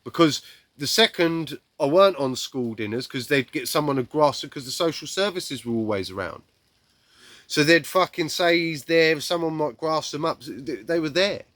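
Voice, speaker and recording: A man telling a raw personal story bluntly, swearing heavily and acting out shouts and quoted lines. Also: on the high side, lively intonation, moderate pace, no room sound.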